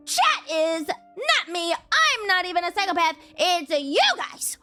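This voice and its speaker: A woman streaming and chatting casually with her viewers. She swears, laughs often and yells at chat. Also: very high-pitched, very animated, a little slow, few pauses, soft background music.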